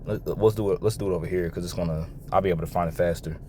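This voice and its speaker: A man giving a reaction commentary and reading scripture, talking in an animated way with repeated words, restarts and laughs between remarks. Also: sits low, racing, slight background noise. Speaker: online commentator.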